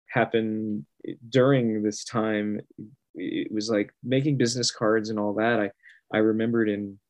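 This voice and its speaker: A man chatting casually as a guest, animated and laughing often, acting out other people's reactions. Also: fairly low pitch, no room sound. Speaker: guest artist. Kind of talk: casual storytelling.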